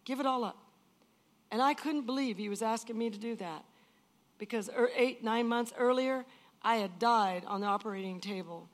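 A woman's voice: a little high, normal speed. An older woman giving an emotional personal testimony in an earnest, emphatic way, often repeating phrases.

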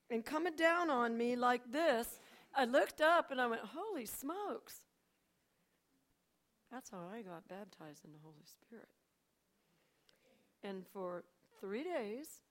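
An older woman shares her faith story in a fairly high voice. She tells it in an animated way, dropping to hushed asides and then rising loud at the big moments. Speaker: church speaker. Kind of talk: personal testimony.

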